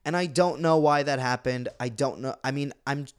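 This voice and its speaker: A man's voice: mid-range voice, moderate pace, clean tone. A man in casual chat, an emotional reality show contestant who blames himself and rambles with many restarts.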